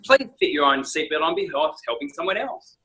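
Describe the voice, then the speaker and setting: A man imitating a polite female flight attendant making a cabin announcement in a smooth, courteous tone. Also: a little high, sing-song, brisk, sharp tone, a little hiss or hum, poor audio.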